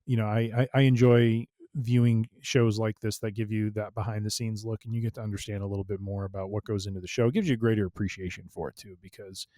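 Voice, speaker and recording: Male co-host, low voice, relaxed and halting, dry close mic. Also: dry recording. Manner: easygoing, hesitant, lots of fillers. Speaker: podcast co-host. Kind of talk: casual chat.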